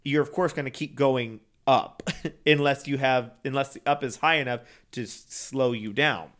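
A man's voice: mid-range voice, fairly even intonation, moderate pace, fairly bright tone. A young man telling a story in casual chat, rambling, swearing freely and laughing often. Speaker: podcast co-host.

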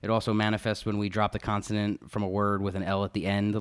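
Host type: young man with a Philly accent, smooth and low, halting delivery. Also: little pitch movement. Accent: Philadelphia. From Philadelphia. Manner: explanatory, halting with fillers. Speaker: podcast host. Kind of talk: casual chat, reading notes aloud.

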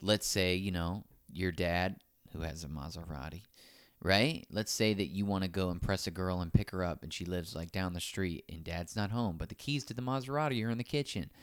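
A man's voice: sits low, brisk, smooth, no echo, clean studio sound. A man co-hosting a casual podcast, swearing freely and acting out the people in his stories with sudden jumps in voice. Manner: profane, animated storytelling with mimicked voices. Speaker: podcast co-host. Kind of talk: casual chat.

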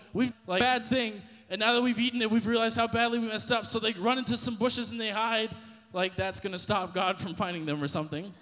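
A man's voice: high-pitched, a bit bright. A man hosting a faith podcast, retelling a Bible story in a casual, slangy way with frequent restarts. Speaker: podcast host. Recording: long reverb.

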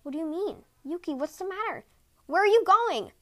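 A woman reading a storybook, voicing a gentle, loving young husband who talks earnestly and pleads. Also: sits high, moderate pace, close to an everyday voice. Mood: desperate. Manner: earnest, pleading, cries out in alarm.

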